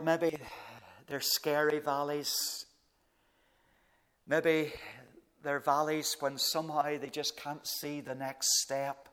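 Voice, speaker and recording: A man preaches a sermon in a slow, measured way, with a voice that sits a little high for a man. He lets phrases sink to a soft hush. His voice rings out with a long reverb in a large hall. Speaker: pastor. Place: church service.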